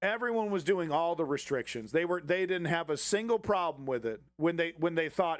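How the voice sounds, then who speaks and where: Profane sarcastic guy ranting politics, pretty high voice, dead dry sound. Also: expressive, a little fast, no room sound. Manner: sarcastic, swears often, mocks opponents in put-on voices. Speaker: political commentary host.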